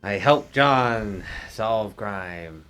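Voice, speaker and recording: A man's voice: on the low side, expressive, very slow, a bit bright, clean tone, faint music behind, heavily acted. A man voicing a world-weary male protector of a city who is magically bound to a detective, complaining dryly about his boring job.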